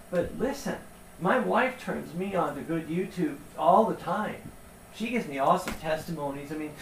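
Guy preaching, gravelly voice, chatty storytelling, kinda far off in an echoey room. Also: on the high side, a little hiss or hum. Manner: conversational, animated storytelling. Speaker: pastor. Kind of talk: sermon. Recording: roomy sound from a distance.

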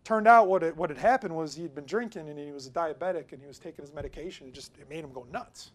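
A man preaching a sermon in a casual, conversational way, telling a personal story and swinging between loud emphasis and quiet asides. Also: on the high side, fast talker. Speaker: pastor.

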